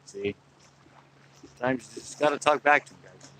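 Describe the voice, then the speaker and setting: Chatty angler, a man with a bright, pushy voice, talking to his stream outdoors. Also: mid-range voice, normal speed, long pauses, slight background noise, poor audio. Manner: chatty, talks to viewers and yells at sea lions. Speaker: angler livestreaming from a pier. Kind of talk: casual live-stream chat. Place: outdoors on a fishing pier by the sea.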